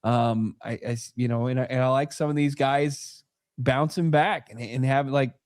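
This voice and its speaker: A man's voice: mid-range voice, fairly even intonation, moderate pace, a little mellow. A man co-hosting a casual sports podcast, talking in a dry, self-mocking way with frequent restarts. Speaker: podcast co-host.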